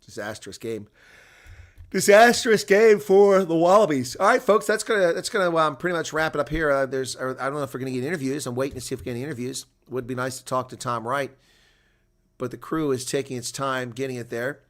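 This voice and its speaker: A man giving live rugby play-by-play, shouting on big plays and chatting casually with viewers in between. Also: medium pitch, fairly even intonation, fast talker. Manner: reads viewer chat aloud. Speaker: play-by-play commentator. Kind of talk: live sports commentary.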